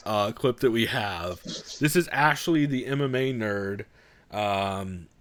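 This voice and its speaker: A man's voice: medium pitch, a bit bright. A man hosting a casual podcast, introducing clips in a laid-back way and swearing now and then. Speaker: podcast host.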